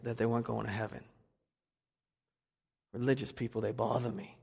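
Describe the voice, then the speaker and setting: A man's voice: medium pitch, creaky. Fervent preaching man in a reverberant church. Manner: swings from hushed to loud and fervent. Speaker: pastor. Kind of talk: sermon. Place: church sanctuary. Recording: long reverb of a church hall.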